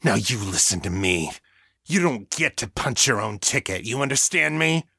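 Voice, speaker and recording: A man's voice: medium pitch, animated, moderate pace, creaky, bright, forceful tone, husky, no room sound, clean studio sound, exaggerated voice. A man voicing a crude, domineering male vampire sire who snarls, swears and bullies. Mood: commanding. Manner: snarling, profane, bullying.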